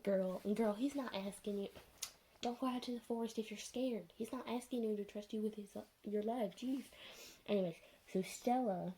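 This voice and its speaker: A woman's voice: medium pitch, normal speed, mellow, slight background noise, low-quality recording. Chatty sarcastic young woman. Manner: sarcastic, chatty, full of "like" and "anyways". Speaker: video reviewer. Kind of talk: casual recap and commentary.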